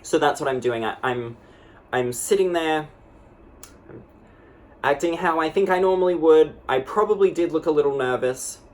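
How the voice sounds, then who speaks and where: Using a natural voice on the high side, a man portrays a young woman vlogger spinning a dramatic storytime for comedic effect. He speaks at normal speed but pauses often, rambling breathlessly and leaning heavily on "like".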